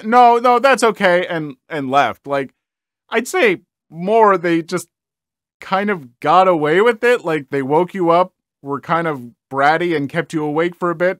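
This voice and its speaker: A man's voice: a little high, a bit bright, dry recording, clean studio sound. A young man reading online stories aloud and chatting about them casually, with lots of fillers. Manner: casual, rambling, many fillers. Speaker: story reader and commentator.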